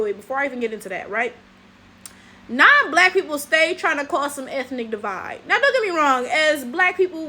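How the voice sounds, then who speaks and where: A woman's voice: high-pitched, sharp tone. A young woman from Detroit with a Detroit African American English accent, doing sassy, profane reaction commentary with lots of "right?" asides. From Detroit, USA. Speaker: YouTube commentary host.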